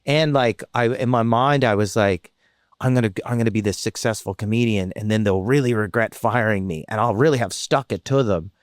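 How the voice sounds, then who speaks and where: Here the Canadian comedian and ex-radio host sounds on the low side, his tone clean in a studio-quality recording with no echo. He rambles through casual interview anecdotes, chatty and self-mocking, frequently jumping back to restart a thought.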